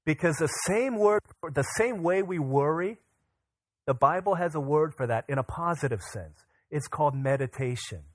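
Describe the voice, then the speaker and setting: A man's voice: on the high side, no echo. A man preaching a sermon as pastor, earnest, his voice rising and falling for emphasis.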